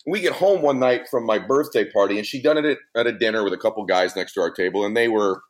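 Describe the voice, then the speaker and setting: A man's voice: on the low side, fast talker. A middle-aged man, a podcast guest, telling a story in an emphatic, joking way. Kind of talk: animated storytelling.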